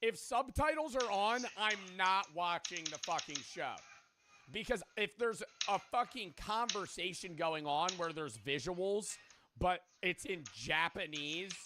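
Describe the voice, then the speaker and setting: A man co-hosting in casual chat, with animated, profane banter. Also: sits high, unhurried, background noise. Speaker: co-host.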